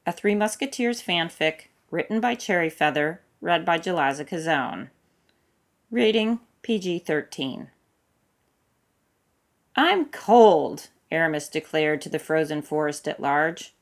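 A woman reads a story aloud with steady, expressive narration. Her voice is notably low for a woman, calm, and even. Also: moderate pace, few pauses. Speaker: fanfic reader. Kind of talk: storybook reading.

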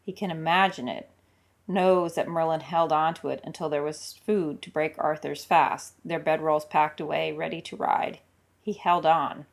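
A woman with a low voice reads an audio story aloud. Her delivery is calm, steady and intimate, a measured scripted narration. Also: vocal fry. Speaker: audiobook reader of fan fiction.

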